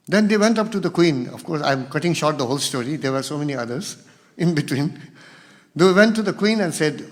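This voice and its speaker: A man's voice: on the high side, animated, brisk. A man giving a spiritual talk as guest speaker, telling stories and acting out the quoted dialogue. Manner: storytelling, acts out quoted dialogue. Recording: long hall reverb.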